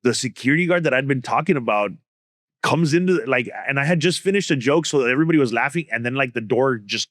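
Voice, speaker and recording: A young man, a comedian telling a story in a casual, animated way, full of slang. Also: medium pitch, fast, no echo, studio quality. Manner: animated, code-switching slang. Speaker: comedian guest.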